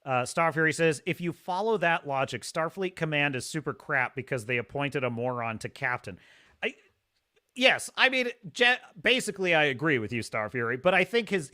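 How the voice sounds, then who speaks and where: Bright-voiced man ranting on a live stream. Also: fairly high pitch. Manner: animated, ranting, laughs often, mocks pronunciations. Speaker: host. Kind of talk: casual live-stream chat, reading viewer comments.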